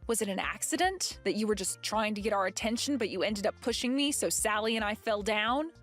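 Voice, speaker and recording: A woman's voice: medium pitch, animated, brisk, a bit bright, faint music behind. A woman voicing a pregnant young wife who questions her mother-in-law in a firm, accusing way.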